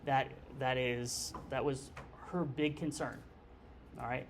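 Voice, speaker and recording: A man gives a lecture on medicine in a conversational way, and his voice sits at an average pitch. He keeps checking in with the listeners as he talks. There is a faint noise in the background. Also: steady tone, slow. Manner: conversational, checks in with frequent "okay". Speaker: nurse anesthesia instructor. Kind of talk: classroom lecture.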